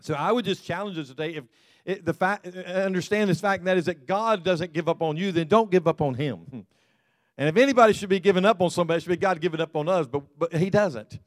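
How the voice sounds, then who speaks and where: A male pastor from the American South preaches in an easygoing, conversational way, circling back to repeat his key words. His voice sits fairly high for a man. The recording is dry and close, with little room sound. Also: fast talker, no room sound. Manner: conversational, repeats phrases, light humor with the congregation. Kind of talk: sermon.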